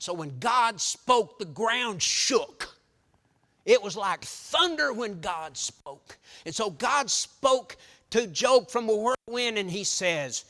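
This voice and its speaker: A preacher, giving a folksy sermon that tells stories and restarts often. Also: male voice, high-pitched, measured pace. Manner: animated storytelling, folksy, frequent restarts. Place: church hall. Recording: echoey hall reverb.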